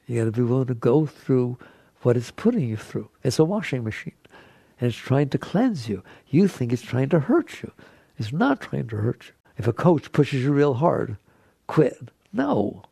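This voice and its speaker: A man speaking as a spiritual teacher, his voice deeply gravelly and dark. He talks to an audience in a conversational, emphatic way and returns to the same short phrases. The sound is dry and close. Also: sing-song, moderate pace, no echo.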